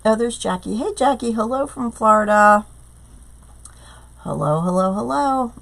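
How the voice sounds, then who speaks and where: A middle-aged woman with a hoarse voice from a cold, chatting through a live craft tutorial and greeting viewers by name. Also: a little high, expressive, measured pace, a bit bright. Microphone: tablet streaming live.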